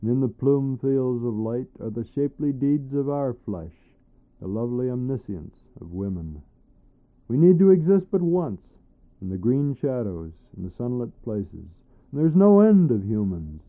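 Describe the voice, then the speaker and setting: A man's voice: very animated, normal speed. Man reading poetry on a tinny recording. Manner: dramatic, swinging between loud high bursts and low murmurs. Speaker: poet. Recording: tinny narrow-band recording.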